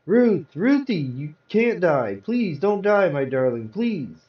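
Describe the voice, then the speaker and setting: A man's voice: on the high side, very animated, slow pace. A man reading aloud, voicing a young husband frantic with grief in a hospital, with pleading, panicked outbursts. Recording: roomy, distant, dull sound.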